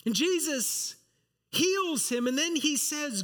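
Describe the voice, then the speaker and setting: Very high-voiced preaching man. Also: animated, slow pace, fairly bright tone. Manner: earnest, emphatic preaching that reads scripture aloud. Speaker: pastor. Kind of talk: sermon with scripture reading.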